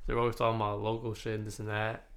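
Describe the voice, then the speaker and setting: Gravelly young man telling stories. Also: lowish voice, racing. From United States. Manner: relaxed, storytelling, laughs easily. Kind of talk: casual chat.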